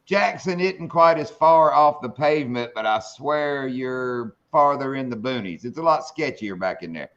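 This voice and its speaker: A man's voice: mid-range voice, animated, normal speed, few pauses, a bit bright. A man hosting a fishing live stream, telling hunting stories in a drawling, salty way. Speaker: fishing show host. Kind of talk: casual storytelling chat. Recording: dull lo-fi stream audio.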